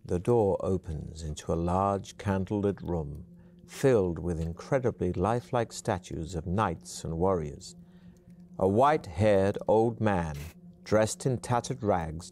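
A man narrating an interactive video adventure game in a measured storytelling manner. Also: low-pitched, darkish tone, a little hiss or hum.

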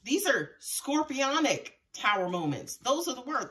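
A woman's voice: high voice, big pitch swings, measured pace, a bit bright, distant mic, a little hiss or hum. A woman giving a live tarot reading to her viewers, talking casually with plenty of swearing and frequent laughter. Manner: casual and profane, laughs often, talks straight to viewers. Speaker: tarot reader.

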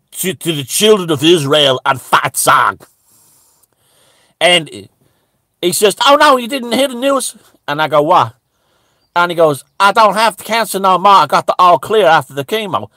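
A man playing a bigoted, stammering preacher who rambles indignantly and breaks into high shouts. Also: lively intonation, measured pace, long pauses, no echo, heavily acted. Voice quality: stammering, repeating words. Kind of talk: satirical character monologue.

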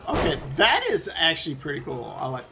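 A man giving loud, excitable commentary while playing a video game, swearing and yelling at the game. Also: on the high side, brisk, gravelly, soft background music. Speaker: gaming streamer. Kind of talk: live gameplay commentary.

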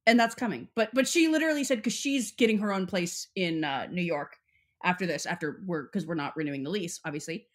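A woman's voice: on the low side, expressive, a little fast. A young woman from Texas co-hosting a podcast, chatting casually and rambling with lots of "like". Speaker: podcast co-host. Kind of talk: casual chat.

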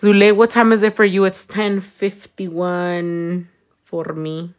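This playful nail tech speaks slowly in a lowish, fairly flat voice during a relaxed livestream chat as she does nails. Bilingual, she code-switches freely, keeps the humor crude and playful, and lets out frequent loud laughs.

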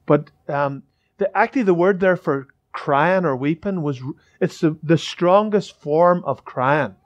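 Fervent man preaching in a church, high-pitched, muffled lo-fi sound. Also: unhurried. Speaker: pastor. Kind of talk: sermon.

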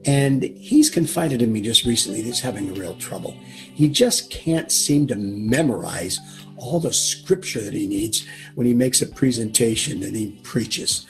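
A man's voice: medium pitch, lively intonation, a little slow, darkish tone, faint music behind. A man hosts a video call interview in a casual, earnest way, talking straight to viewers. He often doubles back on a word before going on. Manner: earnest, repeats words while he talks. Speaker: interviewer, host.

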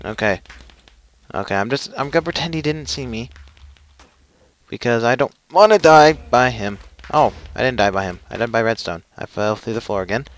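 A man's voice: mid-range voice, lively intonation, moderate pace. A young man commentating his own gameplay, with frustrated, self-mocking outbursts. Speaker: gaming channel host.

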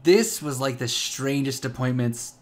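A young gaming commentator with a medium-pitched voice and measured pace tells a story during casual, rambling gameplay commentary. He swears and laughs a lot, with game sounds and music behind him.

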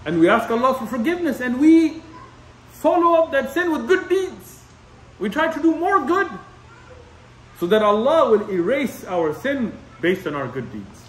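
High-voiced man preaching in an echoey hall. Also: big pitch swings, normal speed, slight background noise. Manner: conversational, repetitive, sprinkles Arabic terms. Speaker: imam lecturer. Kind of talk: Islamic lecture. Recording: echoey room, mic at a distance.

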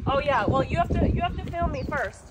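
Bubbly woman host for a home cooking vlog, high voice, chatty, talks right to the viewers. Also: quick pace, echoey room, very noisy. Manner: chatty, bubbly, constantly addresses viewers as y'all. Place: home kitchen, then a sunny backyard chicken coop.

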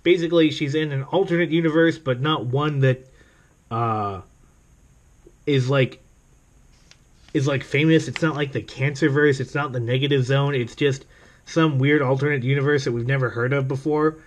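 A man's voice: mid-range voice, steady tone, moderate pace. A man reviewing a comic book in casual video commentary, rambling and sarcastic, with many fillers and laughs.

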